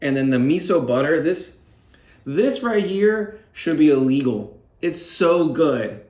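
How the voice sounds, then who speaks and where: A man's voice: fairly high pitch, very animated, slow pace, a little mellow. A man giving an upbeat, hyped recipe voice-over that speaks straight to the viewers. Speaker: home cooking creator. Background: background music.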